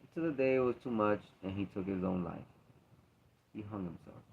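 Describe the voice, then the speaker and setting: A man's voice: lowish voice, a little fast, creaky, a little hiss or hum. A man in a casual faith talk, speaking earnestly and emphatically, repeating himself to drive points home. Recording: dull lo-fi recording.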